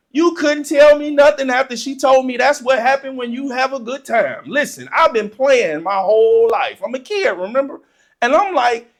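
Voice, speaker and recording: An animated storyteller telling a funny childhood story, laughing often and acting out the excitement in casual, informal speech. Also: high-pitched, moderate pace. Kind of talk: comedic personal storytelling.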